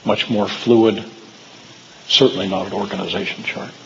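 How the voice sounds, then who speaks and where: A man's voice: fairly low pitch, fairly even intonation, moderate pace, big-room sound, highs cut off, slight background noise. A man giving a talk to a live audience, telling personal stories in a rambling way with frequent fillers and restarts. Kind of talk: storytelling lecture to a live audience. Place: hall with audience.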